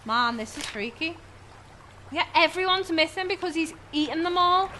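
Casting: woman, very high bright voice, skittish horror-game commentary, swears and yelps. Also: expressive, moderate pace, a little hiss or hum. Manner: jumpy, swears and screams at scares. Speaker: gamer. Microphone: headset.

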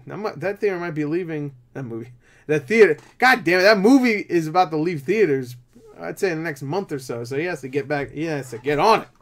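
A tired young man rambling through casual movie box office commentary, swearing often and breaking into loud disbelief. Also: a little high, expressive, a little fast. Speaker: movie vlogger.

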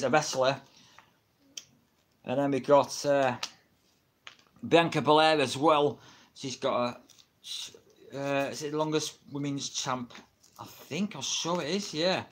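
A man's voice: on the high side, a little slow, pauses often, fairly bright tone, a little hiss or hum. A middle-aged man with an English accent, chatting casually on a livestream, rambling and laughing often, recorded on a built-in camera mic at home. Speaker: wrestling livestreamer. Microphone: built-in camera mic, no microphone.

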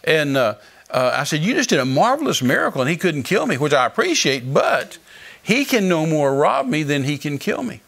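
An older man, an evangelist guest, telling a testimony in a folksy, animated preaching style. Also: a little high, moderate pace, vocal fry. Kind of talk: storytelling testimony.

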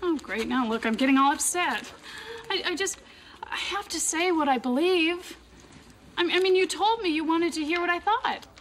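An anxious, idealistic rookie colorist in a 1990s sitcom. Her voice sits very high and she rambles in nervous restarts. The old TV audio carries steady hiss. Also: moderate pace. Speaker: comic-book colorist.

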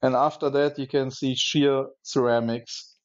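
A man's voice: mid-range voice, little pitch movement, dry recording. Guy from iran on a podcast, keeps restarting his words, kinda dull lo-fi sound, dry. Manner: halting, repeats words while searching for them. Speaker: podcast guest. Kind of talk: casual podcast chat.

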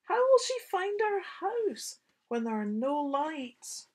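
A woman voicing a young boy in a storybook reading, worried for his dog, pleading in a high anxious voice. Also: animated, takes it slowly, dark tone, husky, exaggerated voice.

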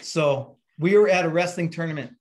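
A man's voice: on the high side, normal speed, a little mellow. A middle-aged man preaching a casual, conversational sermon, telling stories with many fillers and restarts. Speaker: pastor.

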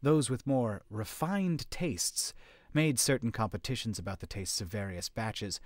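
A man's voice: lowish voice, measured pace, no room sound. A man reading a fantasy story aloud on a live stream, narrating steadily. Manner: steady narration with occasional slips.

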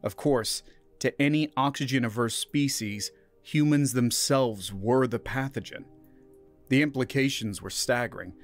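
A man narrating a scripted science fiction story in a steady, even reading voice. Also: mid-range voice, a little slow, faint music behind.

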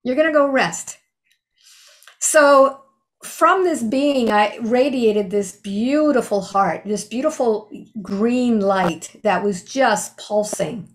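A woman's voice: a little high, slow pace. A woman in her sixties telling a personal spiritual experience in a casual, earnest and heartfelt way. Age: 60s. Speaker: storyteller sharing a spiritual experience.

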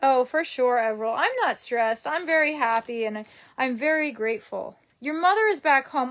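A woman's voice: high-pitched, lively intonation, normal speed, a bit bright. A young woman chatting casually at home, answering live comments in a rambling way with lots of ums. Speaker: vlogger reading live comments. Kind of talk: casual live-stream chat. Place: her home.

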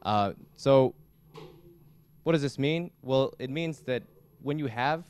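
Halting young man lecturing a class. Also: mid-range voice, a little mellow, clean tone. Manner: halting, frequent restarts and fillers. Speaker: student instructor. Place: lecture hall.

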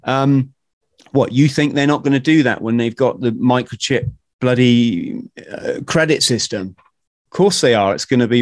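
A man's voice: medium pitch, moderate pace, no echo. Ranting man, dry close sound. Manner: animated, ranting, swears casually. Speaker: podcast host. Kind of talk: casual conversational podcast.

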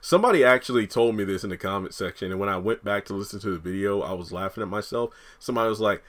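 A man's voice: fairly low pitch, rapid-fire, hardly any pauses. Chatty male recap host, slightly sore throat. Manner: chatty, animated commentary. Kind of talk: casual commentary.

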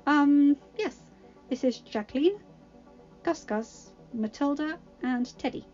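A woman's voice: sits high, slow pace, darkish tone, highs cut off, faint music behind, voice pushed up. A woman reading aloud, voicing a kind, shy young woman who talks eagerly to her animal friends. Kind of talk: storybook reading.

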